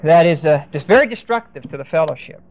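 A man teaching a verse-by-verse Bible lesson, speaking deliberately and with emphasis, stopping now and then to look up verses. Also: a little high, lively intonation. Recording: dull lo-fi recording.

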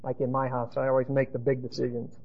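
A man's voice: mid-range voice, completely flat delivery, fast, breathy edge, narrow, tinny audio. A man preaching a sermon with emphasis and dry humor, speaking straight to his listeners.

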